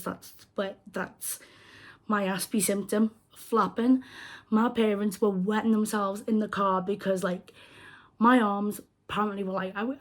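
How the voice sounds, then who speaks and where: British woman vlogger telling a story. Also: medium pitch. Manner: animated retelling, acts out quoted voices. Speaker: crochet vlogger. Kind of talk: casual storytelling vlog.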